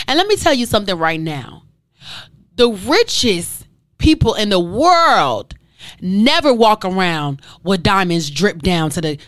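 A woman's voice: medium pitch, no echo. Emphatic woman podcast host, dry mic. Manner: emphatic, heartfelt, asks many rhetorical questions; speaks straight to listeners as y'all. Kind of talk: casual podcast monologue.

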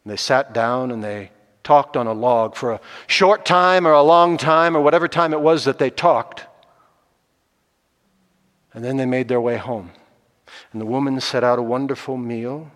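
A man telling a folk tale, slow and deliberate, swinging from loud passages to hushed ones. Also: mid-range voice. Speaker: storyteller. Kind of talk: oral storytelling. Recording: long hall reverb.

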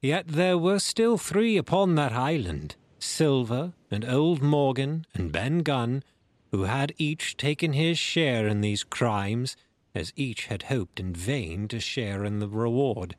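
A man narrating a classic adventure novel in a measured, expressive reading. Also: medium pitch, dry recording. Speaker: audiobook narrator. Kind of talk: storybook reading.

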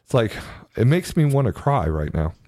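A man earnestly telling a personal story in a halting way, often repeating his words. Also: medium pitch, big pitch swings, mellow, no echo, clean studio sound. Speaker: storyteller sharing his experience.

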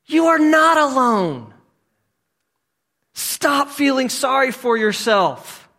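A man preaching a sermon as a pastor. He asks emphatic, repeated rhetorical questions and swings from loud to hushed. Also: very high voice, big pitch swings, slow.

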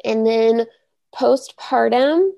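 A woman co-hosting a podcast in an earnest, chatty way, her voice dark and mellow with a gravelly fry. The sound is dry and close, with no room around it. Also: on the high side, very slow, no echo. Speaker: doula podcast co-host. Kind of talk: casual podcast chat.

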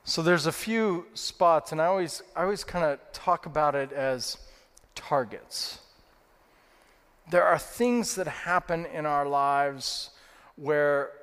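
A man preaches to his congregation, retelling stories with repeated phrases and a few fillers. His voice sits a little high. Long reverb from a large church hall surrounds him. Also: fairly bright tone. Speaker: lead pastor. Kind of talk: sermon.

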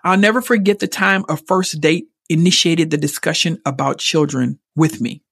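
A middle-aged woman hosting a podcast, speaking openly and earnestly about a personal experience, emotionally expressive and at times repeating herself when moved. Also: deep voice, normal speed, slightly rough, dry recording. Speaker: podcast host. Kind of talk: personal reflective monologue.

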